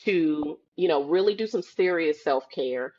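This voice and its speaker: A woman with a fairly low voice chats casually as a podcast guest, telling animated stories and slipping into the voices of the people she quotes. The sound is a bit dull and lo-fi, like audio from a video call. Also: measured pace, husky. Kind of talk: casual chat.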